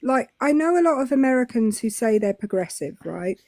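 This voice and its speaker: A woman joining a casual live stream chat, joking deadpan and starting her sentences with many fillers. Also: a little high, fairly quick, a little hiss or hum.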